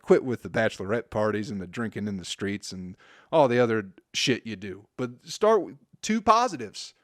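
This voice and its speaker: A man's voice: mid-range voice, no echo, studio quality. A man in his forties from Michigan, hosting a solo podcast in a crude, profane, rambling monologue that trails off into mumbles. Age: 40s. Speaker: podcast host.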